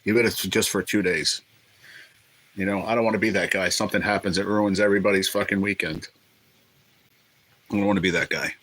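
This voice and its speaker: A man's voice: deep voice, steady tone, a little fast, long pauses, fairly bright tone, low-quality recording. A man hosting a casual livestream, joking and rambling with viewers and swearing freely. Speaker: livestream host.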